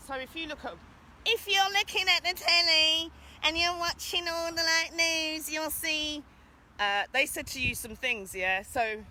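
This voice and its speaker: British woman, urgent exhorting vlog rant, very bright tone, outdoors in a park, phone mic. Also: sits high, slight background noise. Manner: urgent, exhorting, calls out to passers-by. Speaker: vlogger.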